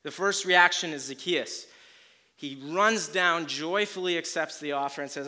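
A man preaches a sermon, retelling a story with lots of energy and acting out its quotes. His voice is bright and forward, pitched a little high for a man, and it keeps rising and falling in loudness as he presses his points. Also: measured pace. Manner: animated storytelling, acts out quotes with swings in loudness.

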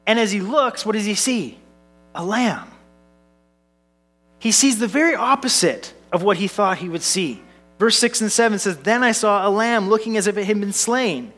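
A man's voice: sits high, fairly bright tone. A man, a pastor preaching a sermon in an earnest way, building with repeated phrases and telling family stories.

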